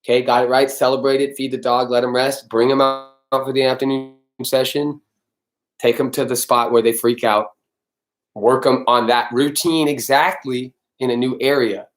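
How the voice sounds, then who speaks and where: A man's voice: medium pitch, fairly even intonation, moderate pace. Blunt, cussing male dog trainer. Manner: blunt, swears freely, answers viewers by name. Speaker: dog trainer hosting a live Q&A. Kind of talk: casual live-stream Q&A.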